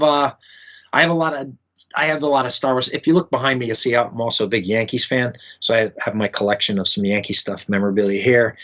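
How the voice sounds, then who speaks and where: A man's voice: lowish voice, sharp tone, muffled recording. A man, a musician guest, chatting casually in an interview, rambling with many fillers and restarts. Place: home room with memorabilia.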